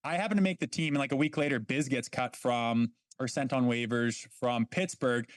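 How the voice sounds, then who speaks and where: A man's voice: mid-range voice, moderate pace, no echo. A middle-aged man, a former hockey player, telling blunt stories in a casual podcast chat. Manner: blunt, swears freely, quotes people in his stories.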